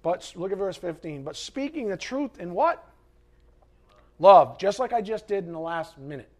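A man's voice: high-pitched, lively intonation, normal speed. A man preaching a sermon as pastor, impassioned, with sarcastic asides to the congregation. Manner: impassioned, swings from quiet to loud.

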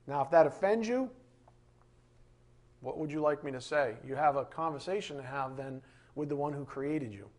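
Emphatic preacher with a high, lively voice. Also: male voice, moderate pace, long pauses. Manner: emphatic, rhetorical questions, animated. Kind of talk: sermon.

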